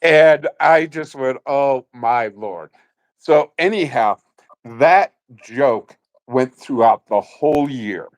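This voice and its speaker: A middle-aged man being interviewed, telling animated stories in a casual way and quick to laugh. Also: fairly high pitch. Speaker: interview guest.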